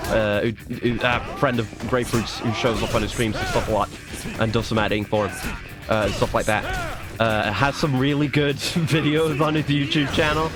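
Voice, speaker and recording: A young man streaming a game, rambling and swearing in a self-mocking, casual commentary. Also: lowish voice.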